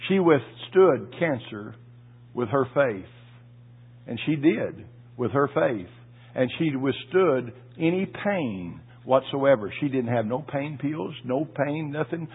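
A man preaching a sermon, telling a personal story in a folksy, emotional way with asides to the congregation, his voice husky. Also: on the high side. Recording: tinny phone-like audio.

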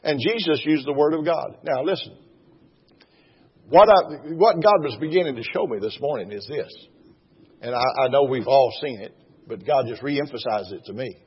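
A male preacher delivers a fervent sermon, his voice slightly husky and his speech swelling into loud exclamations as he reads scripture aloud. The sound is dull and muffled, carrying a long echo like a big hall. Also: medium pitch, expressive, moderate pace.

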